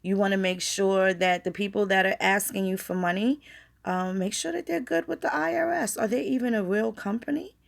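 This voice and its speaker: Gravelly-voiced woman ranting bluntly. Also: mid-range voice, moderate pace. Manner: addresses viewers directly. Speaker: vlogger. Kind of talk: casual live-stream rant.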